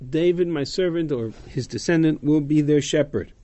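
A man's voice: a little high, normal speed, mellow. A male teacher giving a text-study class to students, reading verses aloud, translating them and explaining them. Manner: fields student questions casually.

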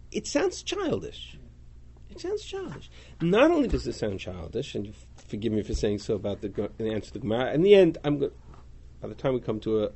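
A man's voice: on the low side, slight background noise. A man leading a class on a religious text, reading the original phrases aloud and then translating and questioning them. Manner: animated, reads Hebrew and Aramaic then translates. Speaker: Talmud class teacher.

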